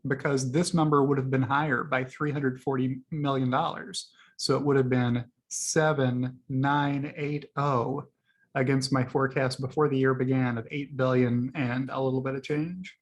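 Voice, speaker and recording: A man's voice: mid-range voice, little pitch movement, normal speed. Rambling man chatting through tweets. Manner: chatty and rambling, many fillers. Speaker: video host. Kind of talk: casual commentary on tweets.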